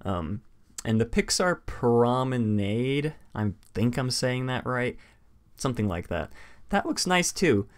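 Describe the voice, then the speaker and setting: A man hosting a live stream, chatting casually in a rambling way full of fillers and quick laughs. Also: medium pitch, big pitch swings. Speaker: stream host.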